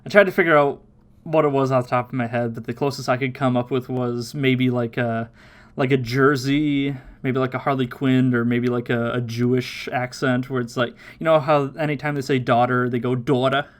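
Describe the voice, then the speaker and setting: A man hosting a podcast, casually recapping an episode with lots of laughter and quick silly voices. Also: medium pitch, fairly even intonation. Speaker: podcast host.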